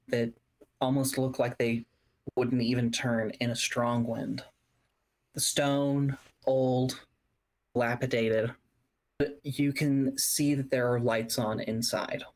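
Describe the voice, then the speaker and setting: A game master narrating a tabletop game, setting scenes with slow, descriptive phrasing and pauses. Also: mid-range voice, level tone.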